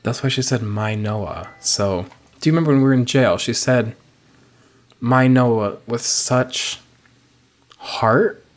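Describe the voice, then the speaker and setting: A man's voice: mid-range voice, animated, unhurried. A man casually commenting on a video game, rambling with crude jokes. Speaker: let's player. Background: game music.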